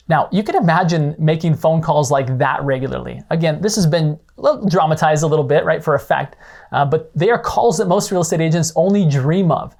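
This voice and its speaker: Brisk and fairly high-pitched, this man's voice is creaky and darkish in tone. He hosts an instructional podcast, talking through ideas in a conversational monologue full of checking-in questions.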